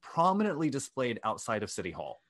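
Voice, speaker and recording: A man co-hosting a podcast in casual chat, telling things with dry, wry humor and deliberate emphasis. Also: medium pitch, huge pitch swings, a bit bright. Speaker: podcast co-host.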